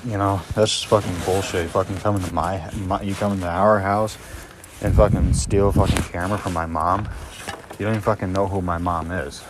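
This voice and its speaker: Guy with a lower voice ranting and cussing, lots of um and restarts, noisy clicky recording. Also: a little fast. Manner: profane, heated, rambling with many fillers. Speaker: podcast host. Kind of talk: rambling personal storytelling. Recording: steady audible noise with clicks.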